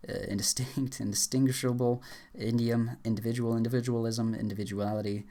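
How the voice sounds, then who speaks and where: A young man reading dictionary entries aloud at speed, rattling words off in flat bursts and stumbling over some. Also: mid-range voice, a little fast. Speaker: YouTuber.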